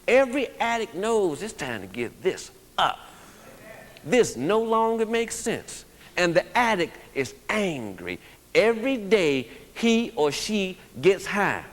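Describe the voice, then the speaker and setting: A man's voice: very high voice, fairly bright tone. A man speaking to a recovery group, blunt and emphatic, often checking in with the audience. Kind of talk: motivational recovery talk. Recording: long reverb of a hall.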